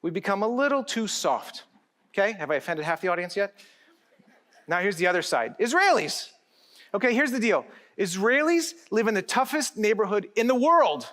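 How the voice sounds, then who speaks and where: A middle-aged man gives a keynote speech at a conference. His voice sits high for a man, and he talks in an animated, direct way and teases the crowd. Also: normal speed. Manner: animated, direct, joking with the audience.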